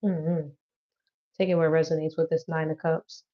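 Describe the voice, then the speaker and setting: Woman, chatty tarot reader, relaxed dark tone, muffled lo-fi sound. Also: low voice, normal speed. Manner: loose, chatty, swears and laughs easily. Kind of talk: casual tarot reading to camera. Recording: dull lo-fi audio.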